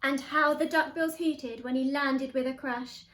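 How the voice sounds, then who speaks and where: A woman teacher reading a picture book aloud in an expressive, sing-song way. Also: high-pitched, unhurried, few pauses. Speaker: primary school teacher. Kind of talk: storybook read-aloud. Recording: echoey room.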